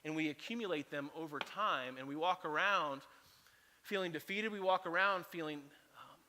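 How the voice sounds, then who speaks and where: A man in his forties, a pastor delivering a sermon and telling a funny story in an animated way. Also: a little high, moderate pace, long reverb tail, a little hiss or hum. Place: church auditorium.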